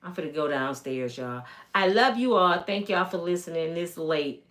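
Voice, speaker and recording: Animated storytelling woman in her fifties. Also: on the low side, normal speed. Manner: animated, acts out voices of people in her stories. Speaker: vlogger telling stories. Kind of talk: casual storytelling live stream.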